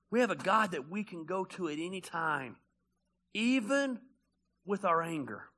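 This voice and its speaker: In an unhurried voice that sits high, a male pastor gives an animated, conversational sermon. He speaks bluntly and jokingly, shifting between booming moments and soft asides.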